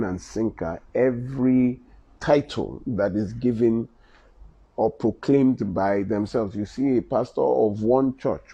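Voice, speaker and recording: Male Nigerian-accented preacher, husky and mellow, impassioned scripture reader. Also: medium pitch. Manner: impassioned, reads scripture aloud, rising emphatic stresses. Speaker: Bible teacher. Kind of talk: sermon-style teaching. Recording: dull lo-fi recording.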